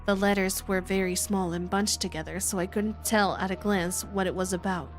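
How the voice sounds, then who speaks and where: Woman reading as a curious nervous teen boy narrating, plain and steady, visual novel readalong. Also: medium pitch, normal speed, soft background music, natural voice.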